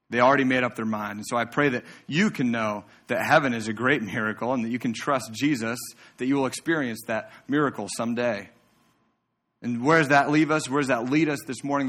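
Male pastor, mid-pitched voice, chatty preaching style with asides to the congregation, church sermon. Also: fairly bright tone.

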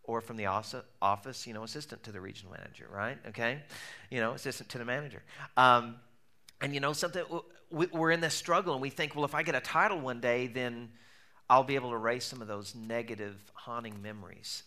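Guy preaching, bright voice, tells stories animated, goes loud then quiet. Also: mid-range voice, a little fast. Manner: storytelling, animated, shifts between loud and hushed. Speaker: pastor. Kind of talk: sermon with personal story.

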